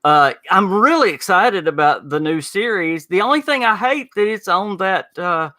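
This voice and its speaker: Southern male podcast host, folksy and chatty, bright tone, dry close sound. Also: high voice, lively intonation, moderate pace, no room sound. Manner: chatty, folksy, frequent "uh" and "y'all". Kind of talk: casual podcast chat reading live chat.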